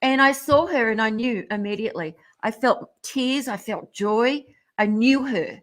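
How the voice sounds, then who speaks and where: Lively, irreverent middle-aged woman guest. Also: fairly high pitch, a little slow. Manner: animated and irreverent, laughs often. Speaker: interview guest. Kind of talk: radio interview, storytelling.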